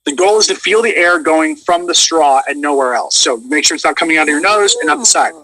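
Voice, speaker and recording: A man who is a voice actor, chatting casually and coaching vocal warm-ups with animated demonstrations. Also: on the high side, brisk, rough recording.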